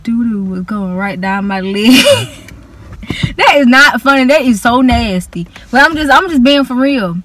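A woman's voice: on the high side, big pitch swings, unhurried, fairly bright tone. A young woman, animatedly retelling an embarrassing school story in casual storytime style, with slang and dramatic emphasis. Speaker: vlogger.

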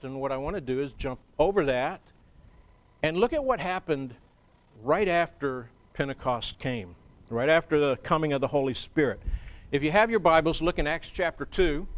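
A male pastor delivering a sermon, his voice sitting a little higher than most men's. He talks in a measured, conversational way, often pausing to gather his next thought. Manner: measured, conversational preaching with frequent pauses. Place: church.

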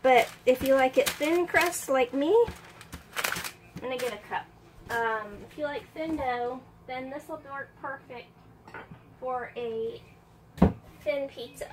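In her home kitchen, a woman with a high voice chats her way through a cooking demonstration, folksy and talkative and saying "y'all" again and again. She sniffles a bit from allergies, and there's background noise.

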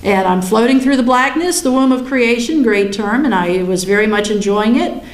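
A woman in her sixties telling a personal story in a chatty, animated way, often laughing. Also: on the high side, moderate pace, echoey room. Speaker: guest recounting a near-death experience.

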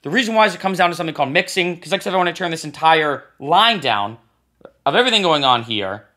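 Lively bright-voiced man teaching music software. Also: fairly high pitch, fast talker. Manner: casual, talks while clicking, says "right?" often. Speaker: music production tutor. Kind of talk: screen-recorded software tutorial.

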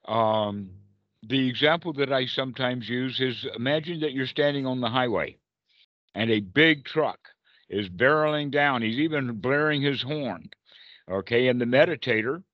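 A man's voice: medium pitch, dry recording. A male meditation teacher talking over a video call, loose and playful, slipping into silly quoted voices to make his point. The sound is close and dead, with a dull, muffled call quality. He sits in the middle of the male range. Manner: playful, acts out little quoted voices and laughs. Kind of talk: casual teaching talk on a group call.

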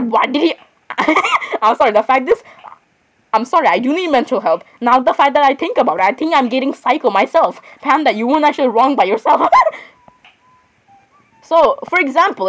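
The recording is rough, and the woman's voice is high. Playing a horror game, she chats casually, giggles frequently, apologizes repeatedly, and speaks directly to the game characters.

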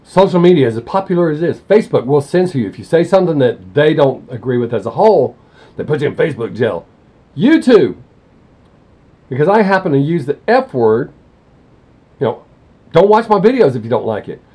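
A man's voice: a little high, sing-song, a little fast, dark tone, slightly rough. A man hosting a music reaction channel, talking bluntly and rambling, often correcting himself mid-sentence. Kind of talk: casual opinionated talk to camera.

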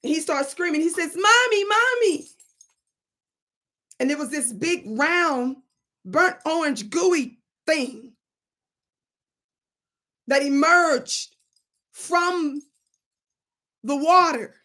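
High-voiced woman vlogger telling a story. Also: takes it slowly, pauses often. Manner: animated and preachy, plays with words. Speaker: channel host. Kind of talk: storytelling commentary monologue.

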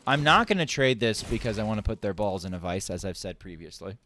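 A man's voice: fairly low pitch, lively intonation, fast talker, sharp tone, slight background noise. Joking male card-game streamer. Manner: joking, thinking aloud. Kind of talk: casual gameplay commentary.

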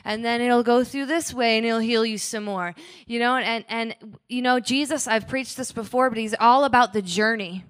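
A woman pastor preaching in a relaxed, conversational way. Her voice sits a little high for a woman, and she keeps slipping into small acted-out quotes and asides. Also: normal speed. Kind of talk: sermon.

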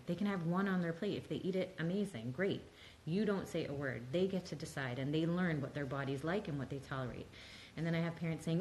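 A woman's voice: deep voice, brisk, a little hiss or hum, poor audio. A woman counselor giving a casual, emphatic talk, often saying "like" and "right?". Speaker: mental health counselor.

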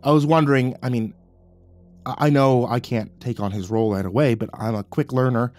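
A man's voice: mid-range voice, brisk, a little mellow, close to an everyday voice. Polite, earnest young man hoping for a job, from a spoken horror story, slightly hesitant, voiced by a male narrator.

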